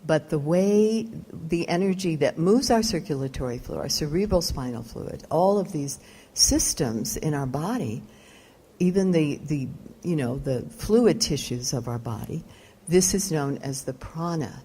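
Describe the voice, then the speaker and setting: A woman's voice: low-pitched, expressive, unhurried, mellow, breathy edge. A woman yoga teacher giving a live lecture, explaining terms and putting questions to her audience. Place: retreat lecture room.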